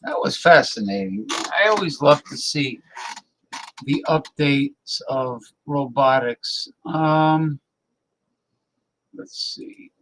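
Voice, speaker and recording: A man's voice: on the high side, takes it slowly, a bit bright, slight background noise, rough recording. A man hosting a show, casually commenting on video clips in a rambling way and laughing at his own jokes. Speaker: show host reacting to videos.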